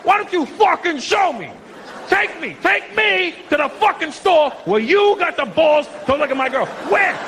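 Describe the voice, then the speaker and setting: A man doing a furious street tough shouting high. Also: animated, racing, hardly any pauses, some chatter behind, slight background noise. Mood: angry yelling. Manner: shouting, aggressive questioning. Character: angry young tough-guy man yelling.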